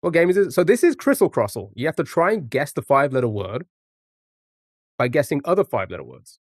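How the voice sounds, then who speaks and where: A man's voice: on the high side, sing-song, quick pace, dry recording, studio quality. A man streaming live, chatting casually with his chat and swearing now and then while playing a word game. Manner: chatty, jokey, talks back to chat.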